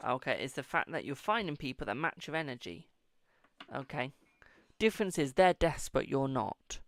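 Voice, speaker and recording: A man's voice: medium pitch, expressive, moderate pace, fairly bright tone, no room sound, clean studio sound. A British man hosting a live-stream tarot reading, chatty and affectionate, calling viewers darling and boo.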